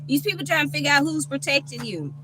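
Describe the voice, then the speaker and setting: A woman giving a live tarot reading from a park on her phone, blunt, profane and animated. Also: high voice, quick pace, noisy background. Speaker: tarot reader. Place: outdoors at a park.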